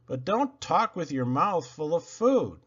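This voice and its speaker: A man's voice: fairly high pitch, big pitch swings, unhurried, a bit bright, slightly rough, lo-fi sound, voice pushed up, heavily acted. A man doing a blunt, stern father.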